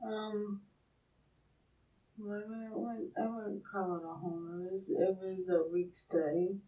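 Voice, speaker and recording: A young woman in her twenties, sedated and slurring, answering questions in a police interview room, halting and trailing off. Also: medium pitch, little pitch movement, dark tone. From Florida, USA. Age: 20s. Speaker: suspect being questioned. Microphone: room recording device. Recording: distant room recording.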